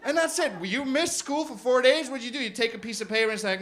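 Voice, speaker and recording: A man's voice: extremely high pitch, fast, few pauses. A man from Germany doing a stand-up set on a club stage, telling brash, profane stories. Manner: brash, profane, animated storytelling. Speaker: stand-up comedian. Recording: live club set with crowd laughter. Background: audience laughter.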